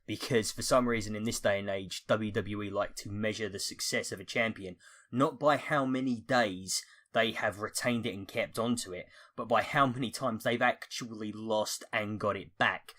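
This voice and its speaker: Male podcast host, lowish voice, brisk and steady. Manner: steady, brisk, leads the discussion. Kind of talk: casual podcast chat.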